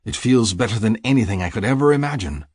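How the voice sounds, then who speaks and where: Low-voiced guy reading an audiobook, husky and breathy, dead dry close mic. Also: animated, fast, darkish tone, no room sound. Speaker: audiobook narrator. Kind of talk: first-person audiobook narration.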